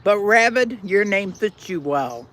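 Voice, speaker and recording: An older woman hosts a casual live stream and chats with her viewers in a blunt, homespun way between bites of food. She speaks at an unhurried, slow pace, and her voice has a bright, forward edge. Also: mid-range voice, animated. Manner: blunt, folksy, talks while eating.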